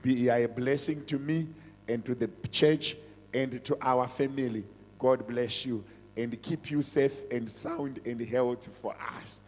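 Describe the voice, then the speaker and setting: A man's voice: mid-range voice, fairly even intonation, a little slow, darkish tone, soft background music. A middle-aged man, a pastor giving a sermon and church announcements. He is emphatic and repeats his points, switching between languages. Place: church hall. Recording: reverberant church hall.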